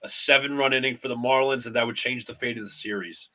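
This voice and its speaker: Man, fan play-by-play caller, bright forceful tone, short clipped phrases, live stream host. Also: fairly even intonation, fast talker. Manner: calls each pitch in short clipped phrases.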